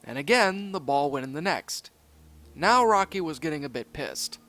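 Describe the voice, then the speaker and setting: A man's voice: on the high side, expressive, normal speed, bright, forceful tone. Man reading a horror story aloud. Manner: plain storytelling with small slips and self-corrections. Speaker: narrator.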